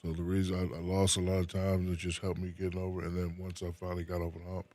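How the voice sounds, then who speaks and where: Here a New Jersey man who used to play basketball talks casually as a guest in an interview. His voice is low and monotone, he talks fast and softly, and he often restarts sentences with repeated words.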